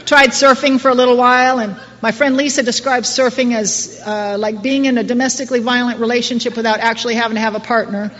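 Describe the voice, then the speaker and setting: A woman's voice: fairly high pitch, fairly even intonation, fast talker, few pauses, fairly bright tone. Middle-aged woman telling her story at a recovery meeting, self-mocking and wry, long echo, kinda muffled. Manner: self-mocking, wry, conversational with many restarts. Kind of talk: personal talk to a recovery group. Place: meeting hall. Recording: distant muffled hall recording.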